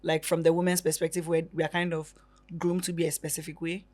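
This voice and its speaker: A woman co-hosting a podcast, chatting casually and laughing easily in an animated way. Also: low-pitched, fast talker. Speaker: podcast co-host.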